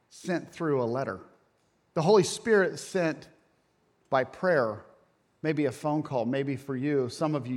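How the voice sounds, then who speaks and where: Pastor, male, slightly high voice, lively folksy preaching, long reverb from a church hall. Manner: animated, folksy preaching with asides and jokes. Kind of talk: sermon. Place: church sanctuary.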